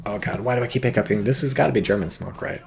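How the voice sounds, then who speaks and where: Gravelly low-voiced man casting a game. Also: rapid-fire, a little mellow, a little hiss or hum. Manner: dry, rambling, reads chat aloud. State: hiccuping. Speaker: game caster. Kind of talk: casual game commentary.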